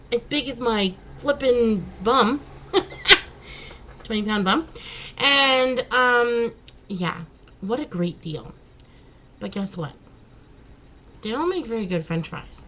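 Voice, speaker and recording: Lively chatty woman vlogging at home. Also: fairly high pitch, slow pace, long pauses, poor audio. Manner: chatty, laughing, exclaiming. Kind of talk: casual chat.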